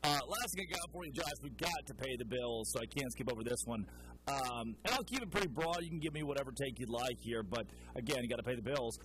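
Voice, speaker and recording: A man's voice: medium pitch, expressive, fast, background noise. A man hosting a national sports radio show, interviewing a guest in a joking, upbeat way.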